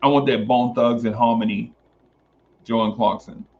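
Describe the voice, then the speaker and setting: Male sports stream host, casual and animated, repeats lines for emphasis, muffled lo-fi sound. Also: medium pitch, normal speed, a little hiss or hum. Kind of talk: casual sports talk stream, reading chat. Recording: dull lo-fi stream audio.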